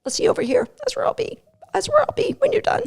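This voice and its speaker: A woman's voice: extremely high pitch, fast, vocal fry, darkish tone, voice pushed up, full character voice. A woman voicing a chatty, distracted dog that wanders off in the middle of training. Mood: breezy.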